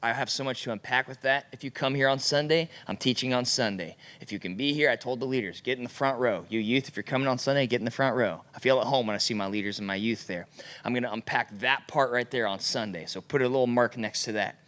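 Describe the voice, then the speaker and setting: A man's voice: mid-range voice, fast talker. A man preaching a youth sermon, acting out little conversations in different voices. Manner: animated, acts out voices in little skits. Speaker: youth pastor. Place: church youth room.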